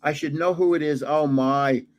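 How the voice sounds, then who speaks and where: An older man with a voice pitched a touch high for a man talks through a pack opening. He rambles, guesses at names and chuckles at himself. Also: fairly even intonation, normal speed. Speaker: card-collecting channel host. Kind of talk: casual pack-opening chat.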